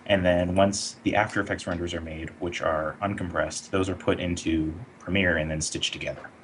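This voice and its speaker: A man working as an animator, answering questions in a casual online interview in a relaxed, explanatory way with many fillers. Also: sits low, moderate pace, a little hiss or hum.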